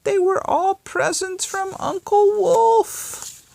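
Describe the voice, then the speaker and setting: A shrill, excited mother hen. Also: slow pace, creaky, no echo, heavily acted. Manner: shrill, high and loud.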